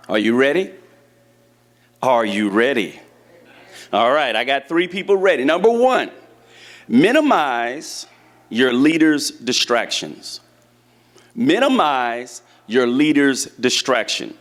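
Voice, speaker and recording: A man's voice: on the high side, sing-song, unhurried, fairly bright tone. A man preaching a sermon in a church, talking conversationally and asking the congregation questions. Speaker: church teacher.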